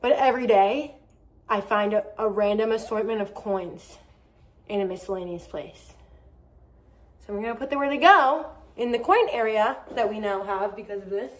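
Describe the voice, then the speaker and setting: A woman's voice: mid-range voice, moderate pace. A young woman chatting casually to her viewers in a vlog, swearing freely and calling them y'all. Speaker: vlogger. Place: in a car, then at home. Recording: car and road noise behind.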